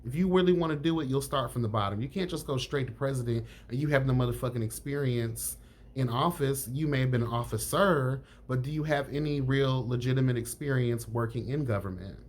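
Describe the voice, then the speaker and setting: A man reviewing a reality show in casual chat, sassy and frank, calling everyone honey and girl, his pitch jumping up on emphasis. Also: a little fast. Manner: lively pitch jumps on emphasis.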